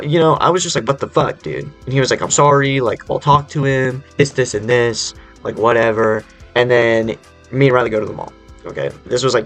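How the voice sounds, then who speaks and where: A young adult man telling a personal story in casual speech, animated and rambling, with lots of fillers and swearing. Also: mid-range voice. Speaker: storyteller vlogger.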